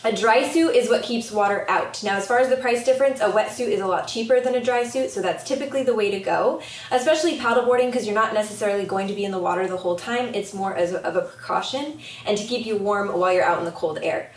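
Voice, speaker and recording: A woman's voice: mid-range voice, quick pace. A young woman, a paddleboarding instructor, explaining cold-weather gear in a friendly, chatty way with frequent ums, filmed outdoors near the water. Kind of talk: casual instructional video. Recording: echoey, distant from the camera mic.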